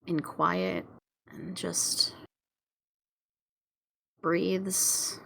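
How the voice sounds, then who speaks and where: A young woman talks through her character's actions at a game table. She speaks slowly and haltingly, pausing often. Her voice sits low for a woman, bright and gravelly. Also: level tone, low-quality recording. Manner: slow, halting description of actions. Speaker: player. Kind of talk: casual tabletop gaming chat.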